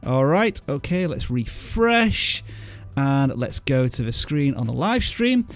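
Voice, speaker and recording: A man's voice: medium pitch, sing-song, slow pace, faint music behind. A man hosting a casual livestream, chatty and laughing often as he reads viewer messages aloud. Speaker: livestream host.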